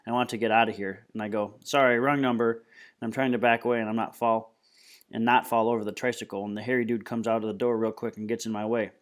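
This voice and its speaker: A man's voice: on the low side, fast. Man reading a novel aloud. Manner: plain, steady storytelling. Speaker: reader.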